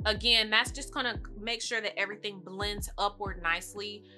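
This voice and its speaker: Bright-voiced chatty woman vlogger. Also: medium pitch, steady tone, faint music behind. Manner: chatty, talks fast, laughs often. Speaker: beauty vlogger. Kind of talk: casual makeup tutorial.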